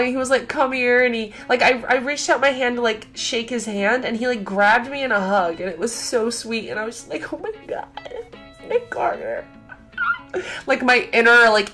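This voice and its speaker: A young woman telling a convention story in a casual vlog, chatty and excitable, full of fillers and acted-out quotes. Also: fairly high pitch. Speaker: vlogger.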